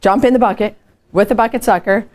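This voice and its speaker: A woman giving a lively motivational workshop talk, telling stories with rhetorical questions. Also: mid-range voice, fast. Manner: animated storytelling, frequent rhetorical questions. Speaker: workshop speaker. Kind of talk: live motivational training talk.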